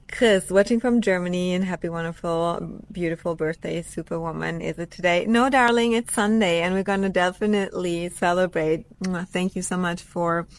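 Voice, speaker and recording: Woman coach, lowish voice, gushing poolside phone live stream, loose and profane. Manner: effusive, greets viewers by name, swears freely. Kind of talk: casual live-stream chat. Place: outdoors by a pool.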